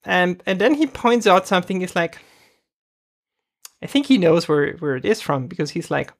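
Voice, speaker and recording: A woman's voice: fairly low pitch, big pitch swings, moderate pace. A woman co-hosting a casual chat, retelling scenes from a show and quoting the characters, with frequent restarts and laughs. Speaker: podcast co-host recapping a TV episode.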